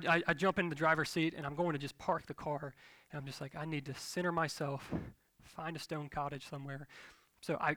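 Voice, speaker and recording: Bright-voiced man telling a jokey story. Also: on the high side, dry recording. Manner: animated storytelling, self-deprecating and jokey. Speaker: pastor. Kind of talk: sermon.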